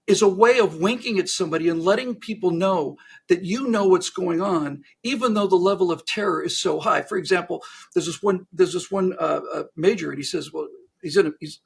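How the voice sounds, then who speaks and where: Gravelly, husky high-voiced man. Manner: acts out characters in stories, frequent restarts. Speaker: narrator and historian, guest. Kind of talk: animated joke-telling in a conversation.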